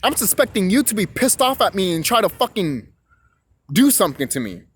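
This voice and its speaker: A man's voice: high-pitched, sing-song, a little fast, husky. A young man ranting to camera, rambling, repeating himself and cursing freely. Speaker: vlogger. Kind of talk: profane rant to camera.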